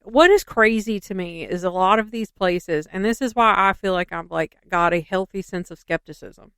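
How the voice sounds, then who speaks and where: A woman's voice: mid-range voice, moderate pace, fairly bright tone, smooth, dry recording. A woman co-hosting a podcast, reading a local legend and then chatting skeptically in a loose, rambling way. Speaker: podcast co-host. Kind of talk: casual podcast chat and story reading.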